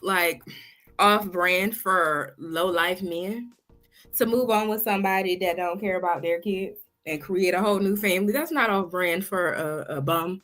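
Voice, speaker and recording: A woman hosts a reaction video and comments on a clip in a bright, forward voice. She speaks bluntly and sarcastically. Her pitch sits in the middle range. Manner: blunt, sarcastic, laughing remarks.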